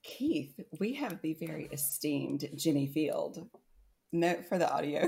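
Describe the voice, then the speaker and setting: A woman's voice: deep voice, takes it slowly, vocal fry. Giggly woman podcast co-host. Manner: giggly, lively, breaks into laughter. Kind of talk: casual podcast chat.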